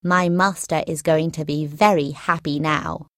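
A woman voicing an angry male goblin captain who gives loud, slow, commanding orders in a storybook reading. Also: deep voice, steady tone, dry recording, clean studio sound. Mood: threatening.

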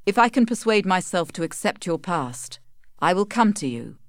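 A woman voices a cold but earnest young husband in a storybook reading, speaking in formal, careful sentences. The lines sit a little higher than her narrating voice, and the recording is dry and close. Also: big pitch swings, normal speed, no echo. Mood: cool.

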